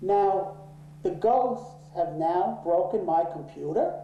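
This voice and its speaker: A man telling a story in an interview, swearing freely and getting worked up and loud when angry. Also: high-pitched, lively intonation, takes it slowly, muffled recording, slight background noise. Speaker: interviewee, office owner. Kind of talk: profane, animated storytelling in an interview. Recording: roomy echo.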